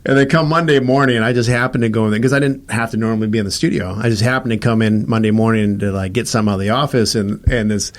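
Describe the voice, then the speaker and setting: Lowish-voiced man telling his story. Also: steady tone, fast, hardly any pauses. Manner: acts out quoted dialogue, many restarts. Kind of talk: casual storytelling interview.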